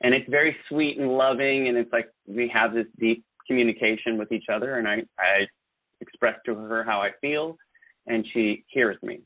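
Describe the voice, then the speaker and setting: A man's voice: medium pitch, fairly even intonation, moderate pace, no room sound. A man guest-hosting a casual talk show, speaking earnestly in a rambling way with many restarts. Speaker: guest host. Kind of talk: casual podcast chat. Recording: tinny phone-like line.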